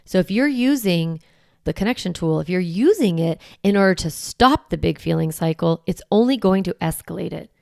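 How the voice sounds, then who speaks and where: A woman's voice: fairly low pitch, lively intonation, normal speed, gravelly, dark tone, no echo, studio quality. A woman podcast host coaching parents in a direct, practical way, sometimes acting out the firm lines a parent might say. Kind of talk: podcast advice talk.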